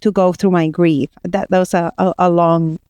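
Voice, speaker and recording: A woman's voice: on the low side, little pitch movement, normal speed, a little mellow, clear, resonant tone, dry recording. A woman psychiatrist from Puerto Rico, co-hosting a podcast and telling personal stories candidly with many restarts. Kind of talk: casual podcast conversation.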